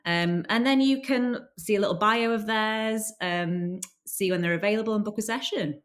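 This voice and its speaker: A woman's voice: medium pitch, moderate pace. A woman actor and company founder telling her story as a podcast guest in an enthusiastic, chatty way. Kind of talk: casual interview chat.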